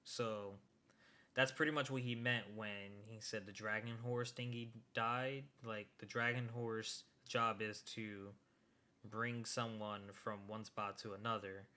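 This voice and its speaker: A young man chats loosely with a friend about an episode he just watched. His voice is bright and forceful. He swears and climbs high when he gets worked up. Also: measured pace. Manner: excitable, swears, rises sharply when worked up. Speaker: podcast co-host. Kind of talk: casual chat recapping an anime episode.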